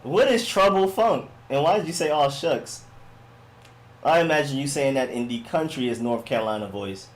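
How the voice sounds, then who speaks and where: A laid-back man hosts a sports live stream, chatting casually with his viewers. He rambles from one comment to the next in relaxed slang and keeps checking in with a "you know what I'm saying". His voice sits at an ordinary middle pitch. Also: brisk, few pauses.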